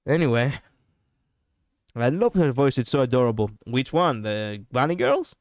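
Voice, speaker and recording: A man streaming a game, commenting casually in an excitable, profane, ranting way on a close mic. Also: mid-range voice, normal speed, no room sound.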